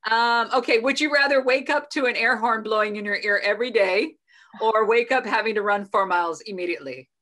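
Playful woman hosting a video call, laughs a lot, bright voice. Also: fairly high pitch, brisk. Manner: bubbly, laughs often, playful. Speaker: host. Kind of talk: casual video call chat.

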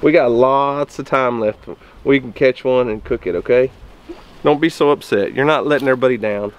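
A man in his thirties with an Oklahoma accent, hosting a casual homestead vlog outdoors in a gentle, coaxing, teasing way. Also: medium pitch, normal speed, smooth. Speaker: homesteading vlog host and father. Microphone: camera-mounted shotgun mic.

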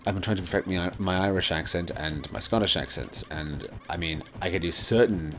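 A man's voice: low voice, fairly quick, a bit bright, a little hiss or hum. A man hosting a casual let's play, rambling with lots of fillers and swearing. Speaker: gaming channel host.

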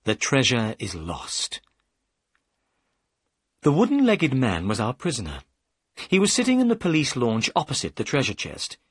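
A man's voice: medium pitch, wildly swooping pitch, no room sound, clean studio sound. Man narrating a learner's audiobook. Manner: clear, measured storytelling.

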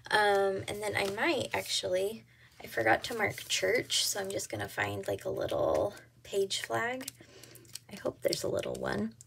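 A woman's voice: medium pitch, fairly even intonation, measured pace, creaky, background noise. A woman chatting casually to camera at home about her planner, giggly and full of ums. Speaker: planner vlogger.

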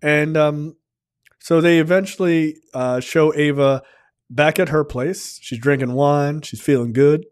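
A man with a slightly high voice rambles through a film recap in loose, profane podcast talk. He keeps slipping into the characters' lines to act them out. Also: fairly even intonation, measured pace, clean tone. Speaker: film review podcast host. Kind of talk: casual movie recap with profanity.

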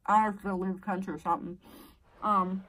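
A woman's voice: medium pitch, little pitch movement, a little fast, fairly bright tone, distant mic, poor audio. A young adult woman telling a personal story casually while eating, blunt and profane, her voice shooting way up when she gets worked up.

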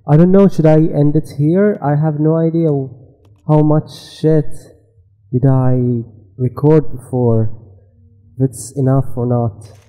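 Slow, dark-voiced man swearing at a game. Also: fairly high pitch, steady tone, in a large hall, rough recording. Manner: swears a lot and talks back to the game. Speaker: let's play gamer. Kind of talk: casual gameplay commentary.

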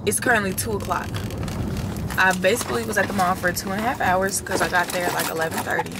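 A chatty young woman talks into her phone camera, relaxed and a little sleepy, addressing viewers as y'all. Her voice sits mid-range, with faint noise behind it. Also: medium pitch, fast talker, vocal fry. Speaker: vlogger. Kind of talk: casual vlog chat to camera. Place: in a car and around a mall. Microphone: phone camera held or propped.

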